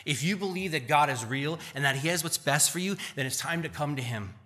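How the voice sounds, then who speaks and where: A man preaching a sermon as pastor, swinging between loud emphatic peaks and quiet, earnest stretches. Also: on the high side, a little fast. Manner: animated, rising to loud emphatic peaks then dropping to quiet earnest tones. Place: church.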